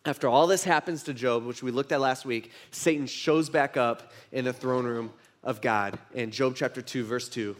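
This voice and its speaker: A man's voice: medium pitch, fairly even intonation, normal speed, hardly any pauses. A man preaching a sermon in a conversational way, often repeating words and asking his listeners questions. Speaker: pastor.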